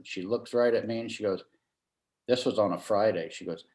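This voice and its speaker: A man's voice: on the low side, moderate pace, darkish tone. A middle-aged man, a trial lawyer and former county judge, relaxes into a long anecdote in an interview and often quotes himself. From Florida. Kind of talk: storytelling in a conversational interview. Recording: roomy echo.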